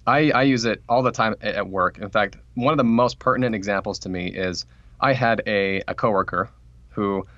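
A man's voice: on the low side, no room sound, lo-fi sound. A man, an author guest on a podcast, telling a workplace story in a casual interview and acting out what people said. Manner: fast, animated storytelling with acted-out quotes.

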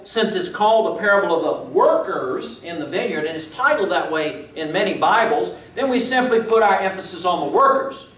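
Pastor preaching in an echoey church. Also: male voice, a little high, a bit bright, far from the mic. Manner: explanatory, with frequent hesitations. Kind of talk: sermon. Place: church sanctuary.

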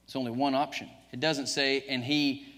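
Emphatic Southern preacher in a reverberant church. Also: male voice, medium pitch, level tone, moderate pace, a bit bright. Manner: emphatic, joking with the congregation, chuckling often. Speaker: pastor. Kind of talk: sermon. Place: church sanctuary. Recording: church livestream, long reverb.

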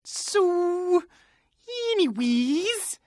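A woman voicing a chatty, excitable cartoon cat who talks in playful broken grammar. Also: very high voice, no echo, clean studio sound, full character voice. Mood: giddy. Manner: bubbly, sing-song, repeats her own names in rapid chants. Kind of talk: cartoon voice acting.

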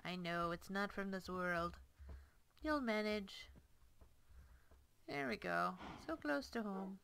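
A woman's voice: medium pitch, expressive, slow pace, gravelly, a bit bright, a little hiss or hum. A woman hosting a casual gameplay video, chattily coaxing and playfully scolding the animals in her game. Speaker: let's play host.

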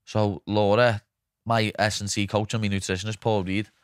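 A young man with a Liverpool accent spins animated stories in a casual podcast chat, slipping into the voices of the people he quotes. His voice sits fairly low, and the sound is dry and close. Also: moderate pace, clean tone, no echo. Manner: animated anecdotes, swears freely, acts out quotes. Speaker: podcast host.

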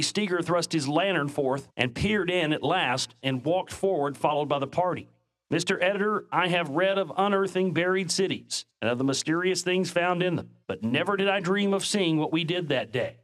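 A man giving scripted documentary narration, reading old newspaper accounts in a measured, dramatic way. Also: on the high side, a bit bright.

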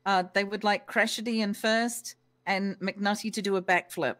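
A woman's voice: medium pitch, fairly even intonation, moderate pace, fairly bright tone. A woman roleplaying a police negotiator in a game, flustered, stammering and overly earnest. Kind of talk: in-character roleplay banter.

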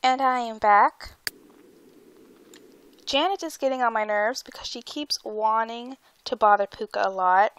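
A woman's voice: on the high side, measured pace, a bit bright, clean tone. A woman hosting a let's play, chatting casually about her game, giggly and often tripping over her words. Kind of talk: casual gameplay commentary.

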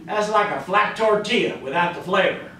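A man's voice: sits high, moderate pace, pushed and bright, slight background noise. A man with a Texan accent preaching a folksy sermon as pastor, acting out the voices of the people he talks about. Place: church sanctuary. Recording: echoey church sound from far off.

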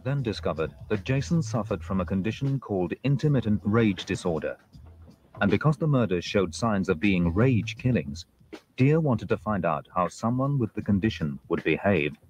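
A man giving measured, scripted documentary narration. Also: on the low side, slight background noise. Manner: measured, even delivery. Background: music.

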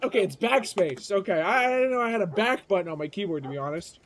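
A game streamer chatting live over gameplay in a joking, excitable way, voice bouncing around a lot in pitch. Clear game noise and hiss sit under the talk. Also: fast. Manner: joking, excitable, swears freely.

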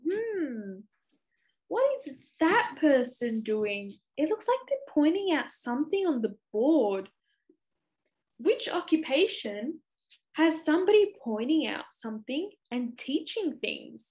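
Young woman, Australian accent, high voice, very lively pitch, slow sing-song delivery for children. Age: young adult. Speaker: speech clinic presenter. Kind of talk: children's educational lesson.

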